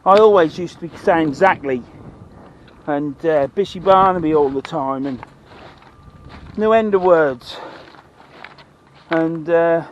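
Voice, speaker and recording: Outdoors by the water, a Norfolk man fishes and rambles to camera in broad dialect as a casual vlogger. His voice runs on the high side and slow, with long pauses, and the audio is dull with a touch of hiss or hum.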